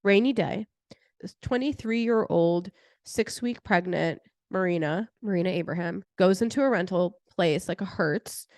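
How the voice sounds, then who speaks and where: A woman's voice: lowish voice, unhurried, no room sound. Chatty young woman, dry close sound. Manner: chatty, heavy use of "like" fillers; animated retelling with laughter. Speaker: podcast host. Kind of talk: casual personal storytelling.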